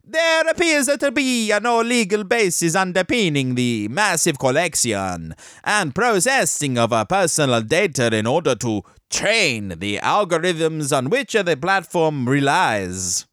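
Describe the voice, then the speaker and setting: A man's voice: fairly high pitch, sing-song, a little slow, fairly bright tone, no room sound, studio quality. A man reading the news in a put-on, exaggerated Italian accent, in a sing-song manner. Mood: mocking.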